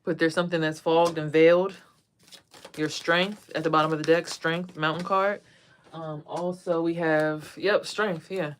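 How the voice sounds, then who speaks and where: A woman's voice: low voice, fairly even intonation, a little slow, slight background noise. A woman giving a casual tarot reading on a phone livestream, chatting to viewers and drifting between the cards and asides. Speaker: tarot reader.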